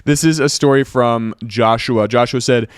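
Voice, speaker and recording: A man co-hosting a casual comedic podcast, reading listener stories aloud in a steady, even way. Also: medium pitch, normal speed, clean tone, no echo, clean studio sound.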